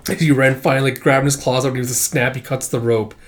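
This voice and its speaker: A man casually recapping a comic book, jumping into loud, animated voices for the characters and swearing now and then. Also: mid-range voice, fast talker. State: dry throat from shouting.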